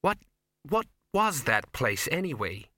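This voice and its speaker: A man's voice: medium pitch, big pitch swings, slow pace, sharp tone, no room sound, studio quality, exaggerated voice. A man voicing a shaken young woman. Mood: uneasy. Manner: uncertain, small voice. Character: frightened, confused young woman.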